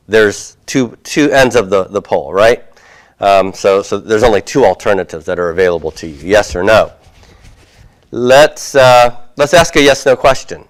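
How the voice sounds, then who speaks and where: Joking man giving a grammar lecture. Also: medium pitch. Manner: folksy and joking, many fillers and restarts. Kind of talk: classroom lecture.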